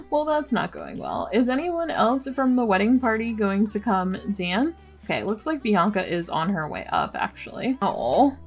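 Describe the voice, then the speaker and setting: A woman's voice: medium pitch, huge pitch swings, moderate pace, gravelly, few pauses, soft background music. Chatty young woman narrating gameplay. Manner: chatty, giggly, narrates drama with dismay. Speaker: let's play host. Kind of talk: casual gameplay commentary.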